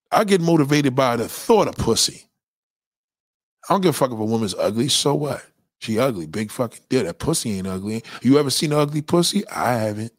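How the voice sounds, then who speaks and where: A man's voice: dry recording, studio quality. A middle-aged man ranting bluntly and crudely while he answers viewer questions on a livestream. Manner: blunt, profane, animated, swings high and low in pitch. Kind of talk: crude casual rant.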